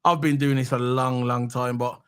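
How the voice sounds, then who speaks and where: A man's voice: mid-range voice, level tone, moderate pace, clean tone. A British man hosting a casual live stream, blunt and opinionated, repeating his phrases. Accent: British English. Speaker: streamer host. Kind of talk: casual chat.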